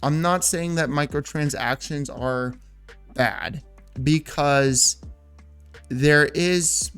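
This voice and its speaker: A man's voice: fairly high pitch, drawn-out words, fairly bright tone, smooth, soft background music. Rambling man in his thirties. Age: 30s. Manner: rambling, filler-heavy, self-interrupting. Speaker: gaming YouTuber. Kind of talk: casual vlog commentary.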